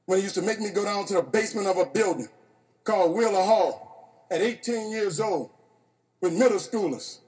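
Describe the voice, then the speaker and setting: A man in his fifties from New Orleans, with a New Orleans accent, giving an animated, playful storytelling speech to an audience. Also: sits high, breathy edge. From New Orleans, Louisiana. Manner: animated, playful, laughs at his own stories. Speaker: motivational speaker.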